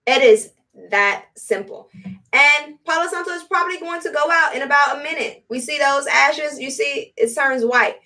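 A woman's voice: sits high, fairly even intonation, moderate pace, hardly any pauses, bright, forceful tone. A woman hosting a casual live-stream product demo, chatty and repetitive with blunt slang. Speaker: host selling spiritual products. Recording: voice distant from the mic.

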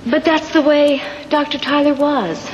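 An actress playing a devoted adult daughter in a 1990s daytime soap, insistent and reassuring. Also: female voice, sits high, steady tone, measured pace, in a large hall, dull audio, a little hiss or hum. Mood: consoling.

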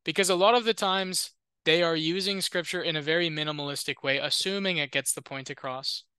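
A man's voice: fairly high pitch, fairly quick, bright, forceful tone, clear, resonant tone, no echo. A man teaching as a Lutheran, reading an ancient Christian letter aloud and explaining it in a discursive, informal way with joking asides. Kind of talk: reading and commenting on an ancient text.

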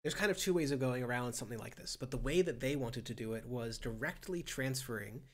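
A man hosting a casual political discussion, explaining ideas at length in a steady way with many ums. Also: mid-range voice, fairly quick. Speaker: host.

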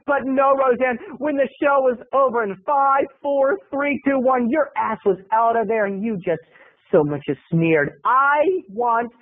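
Male vlogger, campy gossipy storyteller, high and lively voice, husky, tinny phone-like audio. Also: unhurried. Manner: dramatic, gossipy, mock-outraged. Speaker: video blogger. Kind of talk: campy comic storytelling to camera.

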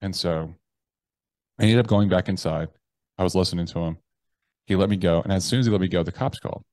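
A man's voice: sits low, fast, darkish tone, dry recording. A man, an army veteran, telling a personal story in an interview, talking casually with lots of swearing and "like". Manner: casual and profane, heavy use of "like" and "bro".

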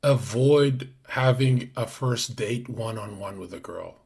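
A man hosting a livestream, talking in a brash, crude, casual way and sometimes dropping to a hushed whisper. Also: medium pitch, takes it slowly, gravelly, slightly rough. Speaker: streamer host.

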